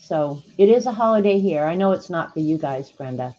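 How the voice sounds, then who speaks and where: Low-pitched woman, art livestream host, chatty and wry, greets viewers, slightly dull lo-fi audio. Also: lively intonation, brisk, warm tone. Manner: chatty, greets viewers by name, reads snarky sayings aloud. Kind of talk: casual livestream chat.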